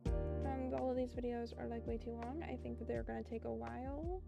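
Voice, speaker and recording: A woman's voice: a little high, fairly even intonation, a little fast, creaky, loud music behind the voice. A woman vlogger chatting casually to herself, rambling and thinking aloud as she browses. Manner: rambling, thinking aloud with fillers and small laughs. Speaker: sewing vlogger. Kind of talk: casual self-talk while browsing videos.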